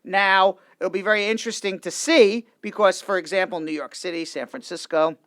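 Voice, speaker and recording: Animated male lawyer hosting a legal show. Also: sits high, a little fast, no echo, clean studio sound. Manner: animated, restarts and repeats himself. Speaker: immigration lawyer and show host. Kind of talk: casual legal talk show. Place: studio.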